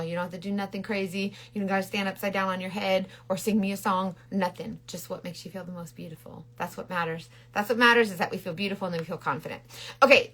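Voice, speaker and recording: A woman's voice: mid-range voice, fairly bright tone. A middle-aged woman chatting bubbly and rambling on a casual makeup live stream, greeting viewers by name. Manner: rambling with frequent restarts.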